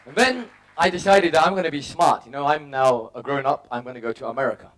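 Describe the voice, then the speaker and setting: A middle-aged Englishman gives a motivational talk, telling personal stories and acting out his own thoughts in short, punchy bursts. His voice sits at medium pitch with a fairly bright tone, and he talks at a quick pace. A slight hiss or hum is audible.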